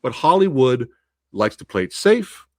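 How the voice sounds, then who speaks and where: A man's voice: medium pitch, a little slow, no echo, clean studio sound. A man hosting a podcast, chatting casually and ranting with exasperation as he tells stories. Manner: exasperated, ranting, lively storyteller. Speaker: podcast host. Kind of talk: animated casual chat.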